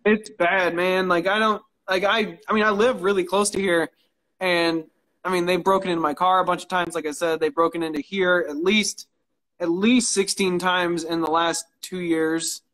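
High-voiced man telling rambling stories. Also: steady tone, moderate pace, a bit bright. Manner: rambling storyteller, swears, laughs often. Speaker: guest knife maker. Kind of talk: casual interview chat. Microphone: phone on a live stream.

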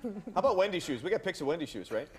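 A man anchoring a morning news show, reading viewer comments and steering the chat briskly in a studio. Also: on the high side, sing-song, slight background noise. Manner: brisk, moves things along.

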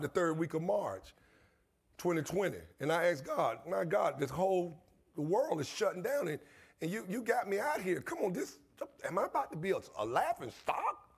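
In his church sanctuary, a male pastor preaches a passionate sermon built on call-and-response and repetition. His voice is a little high and slightly rough.

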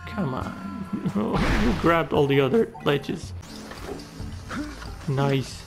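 A man narrates his gameplay in an unhurried, slightly high voice with a gravelly edge. He reacts to the game with plenty of swearing and exclamations. Game music plays clearly behind him. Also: animated. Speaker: gaming YouTuber. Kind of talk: let's play commentary.

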